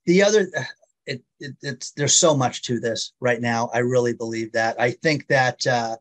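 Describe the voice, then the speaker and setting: A man hosting an interview, chiming in with short affirmations and halting remarks. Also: mid-range voice, fairly bright tone. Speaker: podcast host. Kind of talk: casual interview chat.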